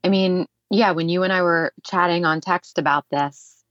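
A woman co-hosting a podcast, chatting in an expressive, talkative way from a remote setup. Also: lowish voice, moderate pace, no room sound, highs cut off. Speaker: podcast co-host. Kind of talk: casual chat. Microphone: remote recording setup.

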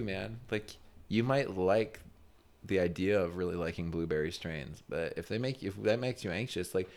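A young man co-hosting a podcast, talking in a laid-back, slangy way and laughing often. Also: on the low side. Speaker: podcast co-host. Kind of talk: casual chat.

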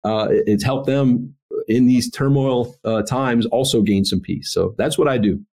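A man's voice: medium pitch, unhurried, a little mellow. A man who is a guest on a podcast, speaking earnestly and reflectively in casual conversation. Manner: earnest, reflective, faith-centered. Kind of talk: casual interview chat.

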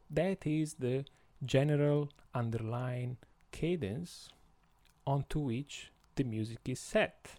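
A man with an Italian accent, Italian his first language, hosting an educational podcast and explaining slowly with many pauses and fillers. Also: medium pitch, a little mellow, no echo. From Italy. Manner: slow and hesitant, many fillers. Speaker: podcast host.

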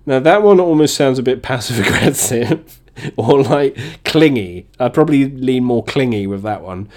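A man's voice: mid-range voice, animated, moderate pace, music in the background. A man hosting a casual comedy chat, mocking lines and laughing often between them. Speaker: podcast host.

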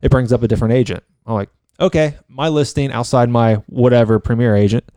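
Fast-talking, fired-up man. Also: medium pitch, dark tone, no room sound, clean studio sound. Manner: fast, heated storytelling with frequent swearing. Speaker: real estate agent. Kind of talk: casual podcast chat.

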